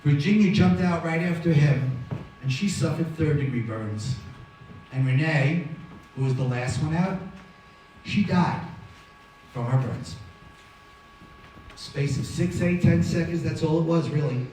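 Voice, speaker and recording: A man's voice: on the high side, measured pace, long pauses, a little mellow, slight background noise. A man, telling a dramatic survival story to an audience as a guest speaker. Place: hall with audience. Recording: very echoey hall from far off.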